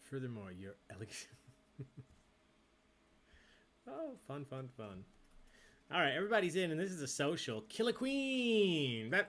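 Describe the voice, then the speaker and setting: A man's voice: mid-range voice, big pitch swings, normal speed, pauses often, pushed and bright. A man hosting a live online trivia night, reading questions and answer counts and joking with the players. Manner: playful, chatty, jokes with players and reads answers aloud. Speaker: trivia host.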